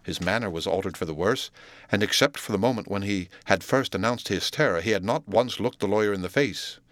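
A man narrating a classic novel as an audiobook, in a steady, measured storytelling voice. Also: lowish voice, no echo, studio quality. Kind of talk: scripted narration.

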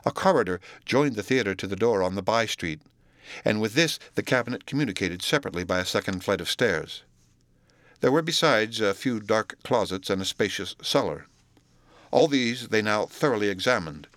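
Low-voiced man reading an audiobook. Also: animated, normal speed, a bit bright, dry recording, clean studio sound. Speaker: audiobook narrator. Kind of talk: scripted narration.

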